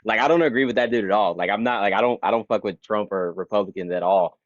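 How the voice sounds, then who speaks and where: A man's voice: on the low side, fast, dry recording, highs cut off. A man calling into a live stream to argue, rambling and stuffing his talk with "like" and restarts. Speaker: caller in a debate stream. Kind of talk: casual heated argument.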